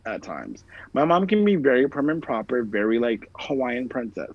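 A man's voice: medium pitch, sing-song, moderate pace, breathy edge, no echo. A man in casual chat, telling stories in a rambling way, heavy on fillers and swearing. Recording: dull lo-fi sound, dry room.

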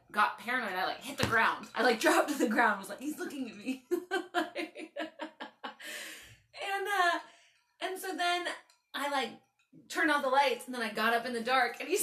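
A young woman, hosting a podcast and telling stories in a casual, animated, swearing style, with a runny nose. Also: a little high. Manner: animated, swearing storyteller, lots of "like". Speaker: podcast host. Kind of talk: casual chat. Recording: echoey room.

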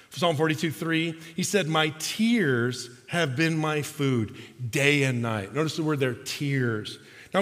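Guy pastor giving a sermon, kinda high voice, long echo in the hall, gets loud then real quiet and slow. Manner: dramatic shifts between loud emphasis and soft slow delivery.

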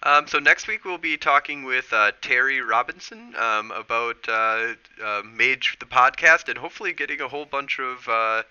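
A man hosting a casual podcast, rambling with many ums and uhs as he gives shout-outs. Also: mid-range voice, moderate pace, few pauses, clean tone, dull audio. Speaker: podcast host.

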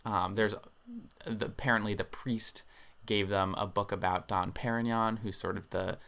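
Deep gravelly man telling a story. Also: flat delivery, moderate pace, a bit bright. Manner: explanatory, many filler ums. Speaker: podcast co-host. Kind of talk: casual storytelling podcast chat.

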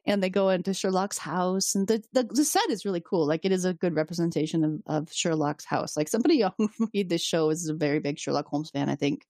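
A woman's voice: fairly low pitch, fairly quick, hardly any pauses, a little mellow, no echo, clean studio sound. A woman co-hosting a podcast in casual, chatty talk, often laughing and swearing as she recaps. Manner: chatty, giggly, fillers and swearing. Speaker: podcast co-host recapping a TV episode. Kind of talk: casual chat.

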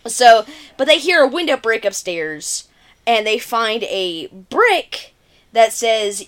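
A woman's voice: a little high, sing-song, takes it slowly, fairly bright tone. Chatty woman recapping a movie. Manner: chatty, lots of "like" fillers. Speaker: podcast co-host.

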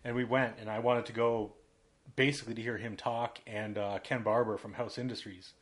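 A man's voice: medium pitch, little pitch movement, fairly quick. A man co-hosting a podcast in casual chat, a laid-back storyteller who fills his talk with "like". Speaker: podcast co-host, graphic designer.

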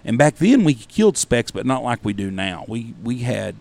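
A man with a gravelly, creaky voice spins a rowdy story full of cussing and bursts of energy. His voice sits at an average pitch, and the telling stays loose and conversational. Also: normal speed. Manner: profane, animated anecdote-telling. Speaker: podcast host. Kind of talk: casual storytelling.

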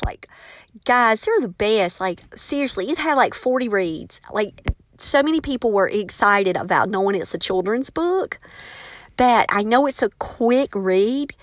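A woman's voice: mid-range voice, dry recording. A woman who writes children's books and teaches, chatting casually and enthusiastically to her viewers. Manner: enthusiastic, gushing. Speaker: children's book author.

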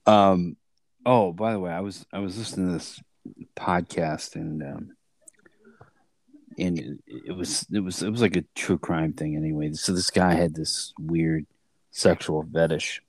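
A man's voice: low voice, fairly even intonation, unhurried, no room sound. A man hosting a casual podcast, asking joking questions and teasing his co-host. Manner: teasing, chuckling, loose phrasing.

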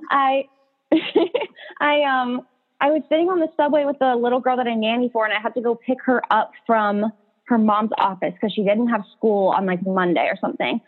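Chatty young woman on a tinny line. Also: high-pitched. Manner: chatty storyteller, heavy "like" filler. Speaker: podcast host. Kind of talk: casual chat.

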